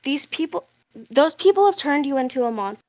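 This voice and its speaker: A woman reading out an angry letter from a young woman character, spoken at normal volume rather than shouted. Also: high-pitched, lively intonation, a little fast, no echo, muffled recording, pitched above the performer's own voice. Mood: stern, threatening. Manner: read aloud at talking volume, not yelled.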